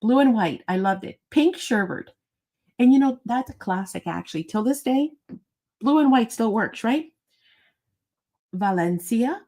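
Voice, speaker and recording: A woman's voice: on the high side, lively intonation, a little slow, long pauses, warm tone, rough recording. A woman hosting a live online sale, talking in a bubbly, chatty way and thinking aloud as she goes. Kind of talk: casual live-sale chat.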